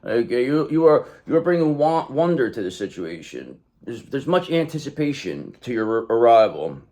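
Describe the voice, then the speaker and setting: A man's voice: mid-range voice, big pitch swings, moderate pace, mellow. A man hosting a casual tarot reading, rambling and repeating himself as he talks effusively to his viewers. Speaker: tarot reader and channel host.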